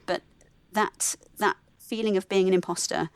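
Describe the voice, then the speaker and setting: A woman with a softened English Midlands accent, a nurse talking candidly and reflectively as a podcast guest, often correcting herself mid-sentence. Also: mid-range voice, steady tone, normal speed, clean tone, dry recording. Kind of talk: relaxed podcast conversation.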